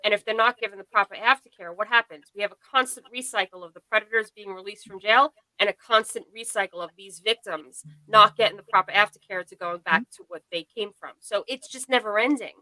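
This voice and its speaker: A woman's voice: mid-range voice, quick pace, hardly any pauses, pushed and bright, no echo, poor audio. A woman in a casual live podcast chat, talking bluntly and in a rambling way, with a sarcastic edge. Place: home.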